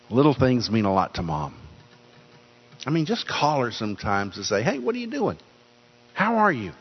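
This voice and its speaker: An older man preaching a sermon in an earnest way, often repeating words for emphasis. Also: mid-range voice. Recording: dull sound with long hall reverb.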